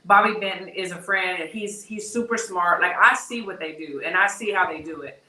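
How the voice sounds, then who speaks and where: A woman's voice: on the low side, normal speed, bright, forceful tone. A woman from Texas, hosting a boxing talk show in a chatty, casual way that often repeats words as she starts a phrase. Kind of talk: casual interview chat. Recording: echoey room, distant mic.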